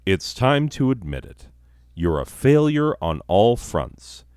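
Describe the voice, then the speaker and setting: A man's voice: medium pitch, big pitch swings, slow, a little mellow, clear, resonant tone, no room sound, studio quality. A man hosting a comedy podcast, delivering a profane, sardonic satirical monologue and laughing at his own jokes.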